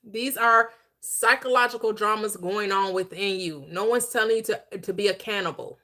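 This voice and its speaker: A woman hosting a livestreamed Bible teaching, preaching in an emphatic, conversational way, slowing down to stress key phrases and chatting with viewers in between. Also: medium pitch, sharp tone. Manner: chatty asides to viewers, quick laughs.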